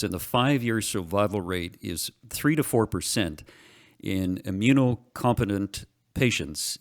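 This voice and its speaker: A man hosting a radio show, asking a guest long, careful questions. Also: on the low side. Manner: measured, asks long researched questions with fillers. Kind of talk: interview questions.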